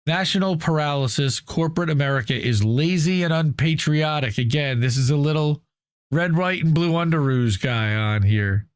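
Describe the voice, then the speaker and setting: A man's voice: a little high, moderate pace, clean tone, dry recording, clean studio sound. A man hosting a talk show, reading an article aloud and commenting in a casual, profane way. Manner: profane, conversational, reads aloud then comments. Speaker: news show host.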